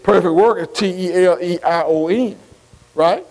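A man's voice: sits high, normal speed, darkish tone, in a large hall, low-quality recording. A man teaching a Bible study class. He spells Greek words out letter by letter, keeps saying "see" between phrases and keeps asking the class if they follow.

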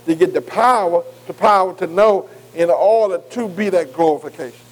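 In a rough recording, a man whose voice sits high delivers a Bible lesson like a sermon at a moderate pace. Plain-spoken and sincere, he pauses for his listeners to complete his sentences and repeatedly asks them "am I right?"

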